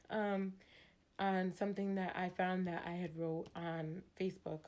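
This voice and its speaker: A woman in her thirties talking casually and emotionally about parenting, hesitant and soft, full of "like" fillers. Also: on the low side, animated, takes it slowly. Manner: heartfelt, hesitant, many "like" fillers; soft-spoken with sighs. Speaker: mother vlogging about parenting. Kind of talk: casual emotional confessional talk.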